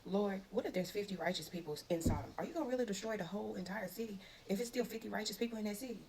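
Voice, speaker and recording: A woman's voice: medium pitch, racing, darkish tone, slight background noise, lightly acted. A woman playing an anxious, earnest old man who keeps pleading and bargaining.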